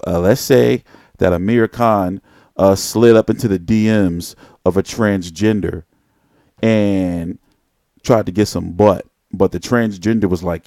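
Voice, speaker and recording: A man's voice: fairly low pitch, lively intonation, moderate pace, warm tone, no room sound, studio quality. Profane, rambling male boxing host. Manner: profane, rambling, blunt street talk. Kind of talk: casual live boxing commentary.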